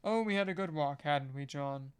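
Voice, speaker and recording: American reader playing a jovial middle-aged father, hearty, bantering, smooth clear voice, mid pitch. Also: normal speed, close to an everyday voice.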